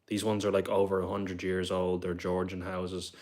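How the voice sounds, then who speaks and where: A young man in his twenties hosts a casual livestream with a somewhat low voice. He rambles, reads viewer comments aloud and answers them one by one. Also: monotone, normal speed, darkish tone.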